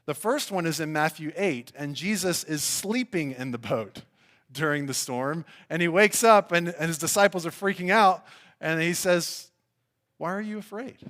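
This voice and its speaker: A man's voice: fairly high pitch, a bit bright. Man preaching a casual sermon. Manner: conversational preaching with fillers and restarts. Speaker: pastor. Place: church.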